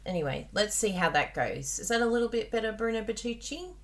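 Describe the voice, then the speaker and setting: A woman's voice: mid-range voice, expressive, brisk, a little hiss or hum. A woman with an Australian accent hosting a chatty live card-making tutorial, bubbly and talking straight to her viewers. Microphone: plugged-in microphone at a desk.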